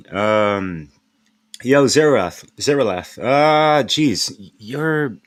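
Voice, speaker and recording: A man hosting his own live stream in a casual, rambling way, using street slang and laughing often as he talks. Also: medium pitch.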